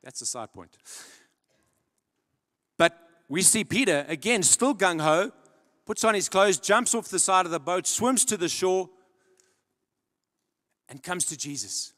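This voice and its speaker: A man preaching a sermon in earnest storytelling style, dropping to a hush and then rising to loud emphasis. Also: sits high, lively intonation, a little slow, long pauses. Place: large church hall. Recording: long church-hall reverb.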